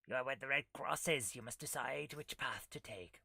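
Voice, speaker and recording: A woman's voice: very deep voice, moderate pace, bright, forceful tone, no room sound, studio quality. A woman, hosting a retro game playthrough, reading the game's text aloud with wry, jokey asides. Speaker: retro gaming host. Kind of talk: casual game playthrough commentary.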